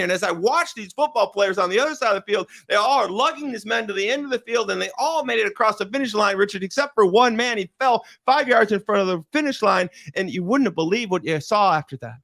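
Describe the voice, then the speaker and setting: A middle-aged man from Michigan, a podcast guest, telling a story with passion, repeating words for emphasis and pausing for drama. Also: high-pitched, fairly bright tone, no room sound, clean studio sound. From Michigan, USA. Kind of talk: emotional storytelling in conversation.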